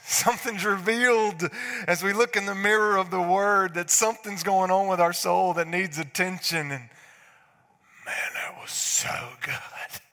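A man in his forties preaching a sermon, swinging from hushed asides to loud outbursts. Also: high voice, moderate pace. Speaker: pastor. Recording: echoey hall.

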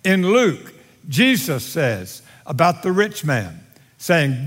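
A man preaching a sermon to his congregation, with a dramatic, drawn-out delivery and wry humor aimed at his listeners. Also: very animated, husky. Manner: dramatic, drawn-out delivery with bold swings in pitch and volume. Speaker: pastor. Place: church sanctuary. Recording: long hall reverb from a large sanctuary.

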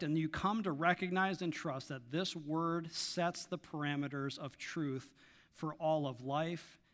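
A middle-aged male pastor delivers a sermon with a bright, forceful voice pitched a little above most men. He preaches emphatically, swelling on key lines and sinking to quiet, personal asides.

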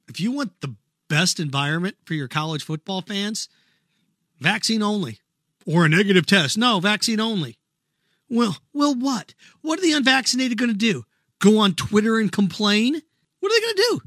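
A man's voice: sits high, a bit bright, no room sound, clean studio sound. A man hosting an opinionated sports talk monologue, blunt and sarcastic. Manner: blunt, sarcastic, mocks callers with put-on voices. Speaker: radio sports talk host.

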